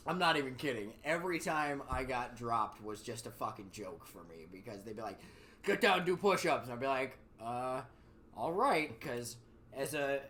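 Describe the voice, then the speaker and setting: A man's voice: mid-range voice, moderate pace. A man in his thirties hosting a podcast, telling profane stories in casual chat and acting out other people's lines in raised voices. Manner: profane, animated, acts out quotes in raised voices. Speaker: podcast host.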